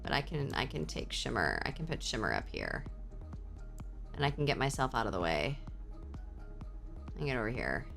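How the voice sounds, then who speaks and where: Woman streamer, casual and profane, bright tone, big pitch swings, slow delivery. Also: creaky, faint music behind. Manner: profane, excitable, reacts to chat aloud. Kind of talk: casual live-stream chat.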